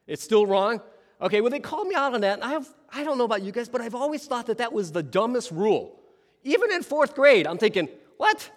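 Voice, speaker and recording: A man telling a story to an audience in an animated way, often turning to ask the listeners questions. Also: very high-pitched, fast, in a large hall. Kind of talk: storytelling talk.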